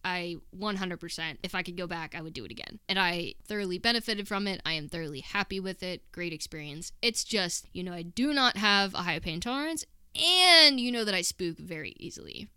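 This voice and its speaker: Lively woman telling a story. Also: fairly low pitch, clear, resonant tone, no room sound, clean studio sound. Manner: animated, acts out quoted dialogue. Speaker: interviewee. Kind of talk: casual storytelling.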